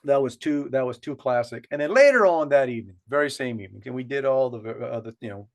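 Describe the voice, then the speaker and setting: A man's voice: medium pitch, animated, fast. A man with a South Louisiana accent, co-hosting a podcast and telling a long, rambling story with many restarts. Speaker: podcast co-host. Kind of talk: casual storytelling chat.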